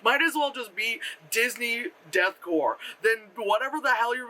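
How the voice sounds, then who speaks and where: A young adult movie reviewer talking casually in a vlog, animated and profane, laughing often and full of fillers. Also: medium pitch, normal speed, hardly any pauses. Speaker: effects artist. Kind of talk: casual spoken film review.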